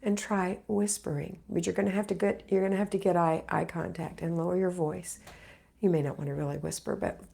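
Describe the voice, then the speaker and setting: In a fairly low, creaky, mellow voice that's slightly rough, a middle-aged woman speaks a little fast with fairly even intonation. She's hosting a live homemaking Q&A while recovering from illness, reading comments aloud and responding in a motherly, encouraging manner.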